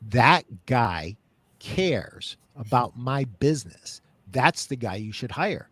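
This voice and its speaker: Animated male podcast host, dry sound. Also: mid-range voice, slow pace, slightly rough, dry recording. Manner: animated, laughs while telling stories. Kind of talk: casual interview storytelling.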